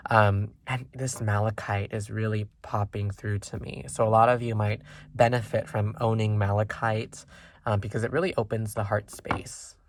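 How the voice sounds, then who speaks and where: A tarot reader giving a casual pick-a-card reading, rambling with many ums and likes while thinking aloud, gentle and reassuring toward viewers. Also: mid-range voice.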